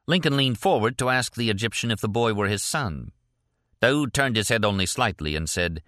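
Deep steady male audiobook narrator, crisp voice, dry close sound. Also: moderate pace, no room sound. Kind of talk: scripted narration.

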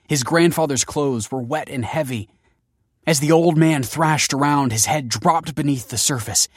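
A man narrating a story in an even, measured audiobook reading. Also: medium pitch, dry recording, clean studio sound.

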